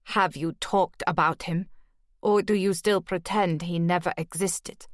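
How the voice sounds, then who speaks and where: A woman's voice: fairly low pitch, steady tone, measured pace, no echo, clean studio sound, natural voice. A woman voicing a cold, gaunt, silver-haired ex-soldier who speaks in a menacing way. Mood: cold menace.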